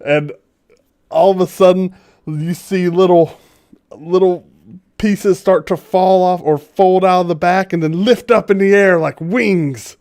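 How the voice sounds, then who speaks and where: A man narrates a tabletop game for his players on a livestream. His voice sits a little high, and he takes his time, lingering over each detail of the scene. He is playful and quick to laugh. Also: darkish tone. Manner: playful descriptive storytelling, breaks into laughter. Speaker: game master.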